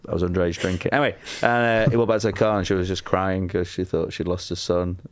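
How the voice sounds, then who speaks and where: A comedian from Lancashire, England, guesting on a podcast, tells a rambling, self-mocking anecdote in a casual way and laughs often. He talks fast in a low voice with a level tone.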